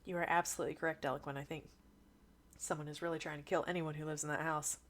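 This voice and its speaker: A woman's voice: deep voice, little pitch movement, fast, a bit bright. A woman streamer giving chatty, rambling let's play commentary, thinking aloud as she plays. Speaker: gaming streamer.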